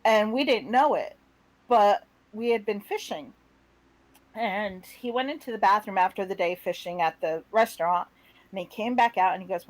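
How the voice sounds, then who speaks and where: Animated woman telling a story. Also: medium pitch, normal speed, poor audio. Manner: animated storyteller, acts out quotes. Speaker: co-host. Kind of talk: casual chat.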